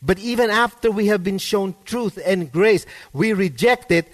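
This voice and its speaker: Guy pastor preaching, high voice, slow and emphatic, big echoey church hall. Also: lively intonation. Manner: emphatic preaching, rising pitch and volume for stress. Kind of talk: sermon.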